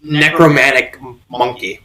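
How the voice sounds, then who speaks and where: A man's voice: medium pitch, fairly even intonation, a little slow, crowd noise, low-quality recording. A man casually reviewing a fanfiction story, rambling and giggling as he goes, with bursts of put-on voices.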